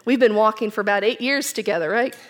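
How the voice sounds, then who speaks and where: A woman giving an earnest personal testimony as a church speaker, swinging from strong declarations to soft, near-whispered reflection. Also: mid-range voice, fast talker. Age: adult with children. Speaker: women's ministry speaker.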